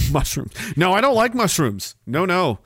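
A man's voice: high voice, sing-song, measured pace, fairly bright tone, husky, no room sound, clean studio sound. A man in his forties hosting a livestream, reading viewer comments aloud with profane, sarcastic banter and frequent laughter.

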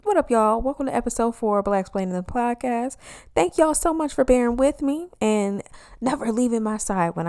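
Woman podcast host in her twenties, clear smooth voice, sassy comic solo rant, loose and profane. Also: mid-range voice. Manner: animated, sassy, swears freely. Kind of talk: casual comedic monologue.

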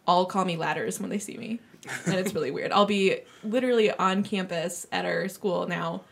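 A woman's voice: on the low side, normal speed, gravelly, a little hiss or hum. A young adult woman talking as a podcast guest in an offhand, joking way, chuckling mid-sentence. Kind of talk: casual podcast chat.

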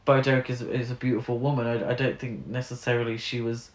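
Talking at a quick pace with fairly even intonation, a medium-pitched man co-hosts a casual film review podcast and rants in exasperation with many fillers. A roomy echo surrounds the recording.

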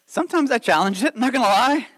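A man in his late thirties preaching a sermon, lively and conversational, acting out quoted voices as he goes. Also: extremely high pitch, fast talker, low-quality recording. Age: 30s. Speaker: pastor.

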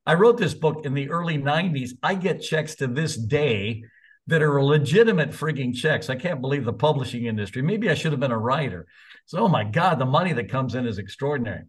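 A college soccer coach in his seventies tells casual stories in a mid-range voice with a breathy edge, talking a little fast with lively intonation. He's chatty and candid, letting the occasional mild curse slip.

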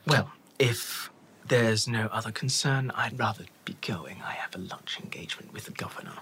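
A man voicing a haughty, menacing male elf lord in a whispered role-play, slow and cold. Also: on the low side, a bit bright, natural voice.

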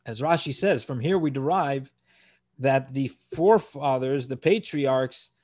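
Here the same kind of lesson comes a little slower: a man with a darkish, mid-range voice reads Hebrew phrases one at a time and translates them. As a Torah teacher, he is earnest and explanatory, frequently starting over mid-thought.

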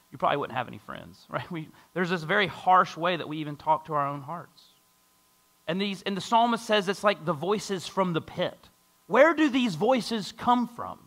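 A man preaching a sermon to a congregation, reading scripture and acting out a doubter's voice. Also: high-pitched. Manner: lively preaching with a mocking skeptic voice and scripture reading. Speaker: pastor.

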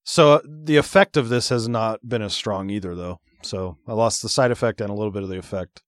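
A man co-hosting a casual podcast, cracking dry, deadpan jokes. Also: lowish voice, brisk, no echo. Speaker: podcast co-host.

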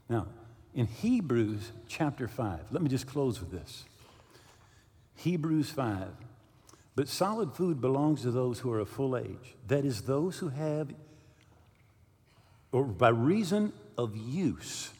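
Lively preaching pastor, man, reverberant hall. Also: mid-range voice. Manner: storytelling with lively swings, slowing down for scripture reading. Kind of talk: sermon.

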